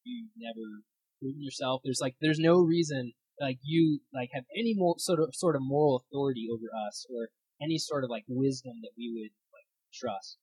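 A young adult leads a relaxed Bible study at a weekend retreat, with a slightly husky, breathy voice sitting at a middle pitch. The talk is loose and chatty, packed with fillers and little acted-out quotes. The sound is dry and close, with no room echo. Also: brisk, hardly any pauses. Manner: chatty, many fillers, acts out quotes and laughs at own stories. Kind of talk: casual teaching talk.

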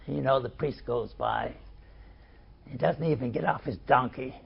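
A man preaching a sermon, swinging between loud emphasis and quiet asides. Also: medium pitch, unhurried, vocal fry, breathy edge, lo-fi sound.

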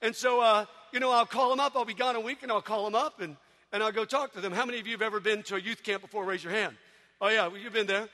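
A man telling a comic family story to a live audience, animated and quick, acting out voices. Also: high-pitched. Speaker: youth speaker. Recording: long reverb of a large hall.

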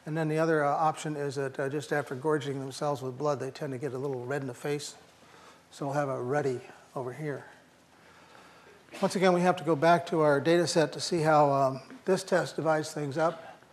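A man's voice: on the high side, fairly even intonation, brisk. An older man giving a university lecture, thinking aloud with fillers and restarts and slipping in dry jokes.

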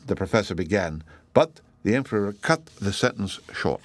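A man narrating a story in a measured audiobook reading. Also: no room sound. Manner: measured storytelling with lively pitch.

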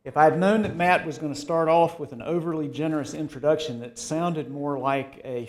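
A man's voice: fairly high pitch, steady tone, brisk. A man with a Southern US accent, from North Carolina, giving a keynote speech. He tells self-deprecating, humorous stories in a folksy way. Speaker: keynote speaker.

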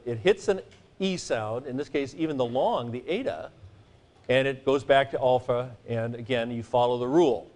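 A man lecturing a class on grammar, joking and playful, now and then singing vowel sounds to make a rule stick. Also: medium pitch. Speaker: Greek teacher.

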